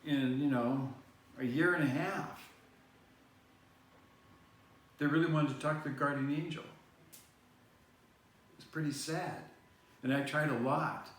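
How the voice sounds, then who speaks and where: Man, vlog host, meandering storytelling, lots of fillers, very echoey room, distant mic. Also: mid-range voice. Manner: meandering, many fillers and restarts. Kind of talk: rambling personal storytelling. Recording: echoey room, far-off mic, faint noise.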